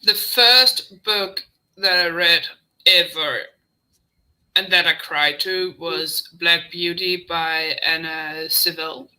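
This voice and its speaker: A woman chatting casually on a video call in a measured, plain way. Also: lowish voice, sharp tone, rough recording. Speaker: guest. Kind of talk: casual group video chat.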